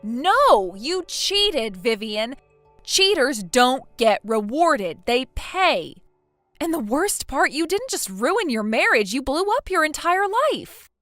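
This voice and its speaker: A woman's voice: sits high, sing-song, slow pace, fairly bright tone, no room sound, soft background music, heavily acted. A woman voicing a blunt young female friend in a text-message story, lecturing firmly. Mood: scolding. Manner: firm, lecturing.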